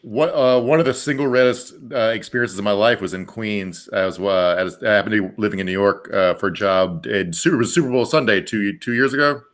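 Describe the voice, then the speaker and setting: A man's voice: lowish voice, fast, few pauses, a bit bright. A man co-hosting a casual comedy chat, rambling through wry, crude jokes. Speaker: co-host.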